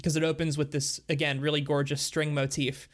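A man's voice: fairly high pitch, level tone, a little fast. A man co-hosting a casual music podcast, talking thoughtfully and at length about songs. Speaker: podcast co-host.

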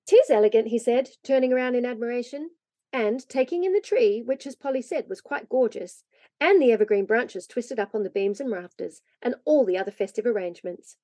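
Expressive woman reading a storybook. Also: a little high, fairly quick, no echo. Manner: lively, expressive narration. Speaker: reader.

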